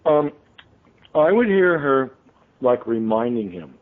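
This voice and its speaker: A man's voice: mid-range voice, sing-song, slow pace. A man, a radio show guest, telling a long story in a rambling way full of ums and restarts. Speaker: interview guest, author. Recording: tinny phone line.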